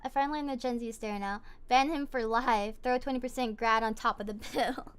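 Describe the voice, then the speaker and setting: A young woman streamer telling a story in casual chat, animated and indignant, with lots of fillers. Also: on the high side, brisk, smooth.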